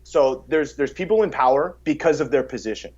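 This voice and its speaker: A man's voice: mid-range voice, lively intonation, fairly quick, a little mellow. A man in casual podcast conversation, talking about coaching with energy. He often repeats words as he starts sentences. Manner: acts out quotes in a raised voice. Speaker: fitness coach, podcast guest. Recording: slightly dull podcast audio.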